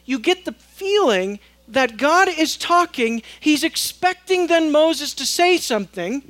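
A pastor preaching a sermon, swinging between loud emphatic passages and hushed low tones, acting out the voices of the people in his text. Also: no room sound, rough recording. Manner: acts out quoted voices of God and Moses.

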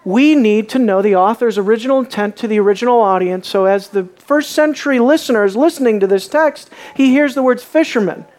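A man preaching a sermon, emphatic, repeating words and swinging from quiet asides to loud calls. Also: very high voice, fairly quick, hardly any pauses.

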